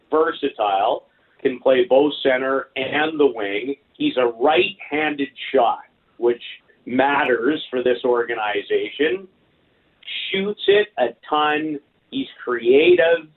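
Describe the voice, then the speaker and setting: A man calling in as a hockey color commentator, giving measured, thoughtful sports radio analysis with small restarts. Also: mid-range voice. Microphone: phone. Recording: tinny phone line.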